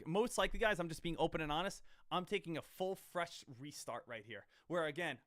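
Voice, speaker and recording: A man's voice: fairly high pitch, a bit bright, no room sound. A man in his thirties talks to his viewers on a live trading stream in a slightly raised voice. The sound is dry, with no room around it. He rambles, repeats himself and throws questions at his audience. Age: 30s.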